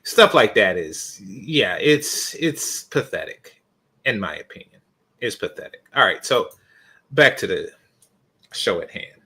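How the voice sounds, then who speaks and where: This man comments on clips with blunt, mocking scorn and sometimes breaks into loud, shocked yelps. His voice swings widely in pitch and sounds bright and forward on a close desk mic. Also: very animated, unhurried, slightly rough. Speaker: reaction video host.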